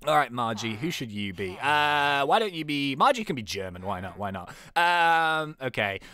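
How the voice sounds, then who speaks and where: A chatty woman hosts a gaming channel. She talks excitably and laughs often, with pitch that swings up and down. Her delivery is casual and full of energy. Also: moderate pace. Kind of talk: casual game commentary.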